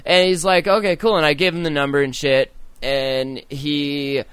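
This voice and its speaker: A man's voice: on the high side, fairly even intonation, moderate pace, a bit bright, smooth, no echo. A man hosting a podcast, telling crude stories in casual chat, swearing often and laughing at his own tales. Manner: profane, rambling, laughing storyteller. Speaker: podcast host.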